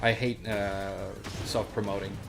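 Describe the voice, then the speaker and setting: A man's voice: on the low side, flat delivery, a little slow, gravelly, music in the background. Chatty man rambling over gameplay. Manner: rambling, chatty, many fillers and asides. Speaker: streamer. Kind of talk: casual gameplay commentary.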